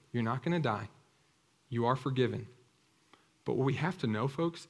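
A man delivering a sermon in a relaxed, conversational tone. He retells scripture as a lively story and keeps his voice at a middle pitch. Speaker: preacher.

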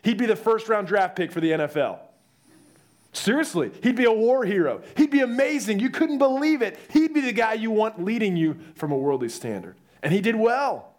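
A young man preaching a sermon, telling the story in a lively way and acting out the voices. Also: high voice, normal speed.

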